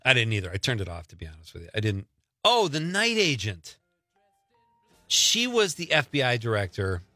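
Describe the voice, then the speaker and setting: Animated, opinionated male radio host. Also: medium pitch, moderate pace, dry recording, studio quality, soft background music. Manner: animated, opinionated, laughs often. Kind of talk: casual talk radio banter. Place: radio studio.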